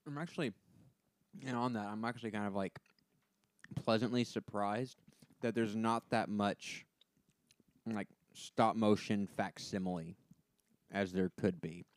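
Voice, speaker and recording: Podcast co-host, male, low and smooth, loose rambling delivery. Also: unhurried, dry recording. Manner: rambling, filler-heavy with many "like"s. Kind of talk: casual chat.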